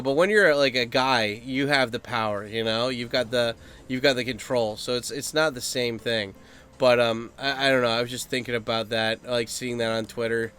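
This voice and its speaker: A man ranting casually to his camera for his channel, swearing freely and acting out other people's lines in quick put-on voices. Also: medium pitch, pushed and bright, clear, resonant tone. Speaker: YouTuber. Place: Japan.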